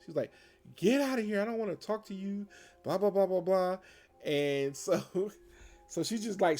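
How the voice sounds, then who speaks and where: A man's voice: mid-range voice, a little mellow. Chatty man recapping a cartoon episode. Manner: rambling, conversational retelling with frequent chuckles. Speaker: TV show reviewer and host. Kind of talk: casual spoiler review recap.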